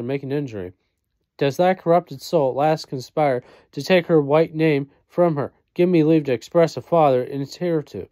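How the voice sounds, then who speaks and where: A man's voice: medium pitch, darkish tone, dry recording, close to an everyday voice. A man reading the part of an aged, wronged father in a play, declaiming in a solemn way. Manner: solemn, declaiming old verse.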